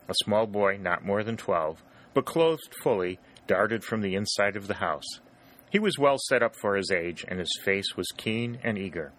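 A man narrating a historical novel in a steady, even storytelling manner. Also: lowish voice, moderate pace. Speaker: audiobook narrator. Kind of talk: scripted narration.

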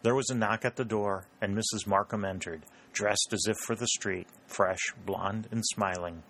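A man reading a historical novel aloud as audiobook narrator, in a measured, even storytelling manner. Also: lowish voice. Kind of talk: scripted narration.

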